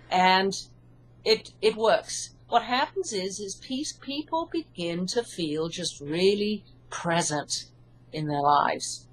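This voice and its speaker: A woman with an English accent, an author and hypnotherapist, calmly explaining her ideas in an interview. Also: medium pitch, slow, slight background noise, rough recording. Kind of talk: interview answers.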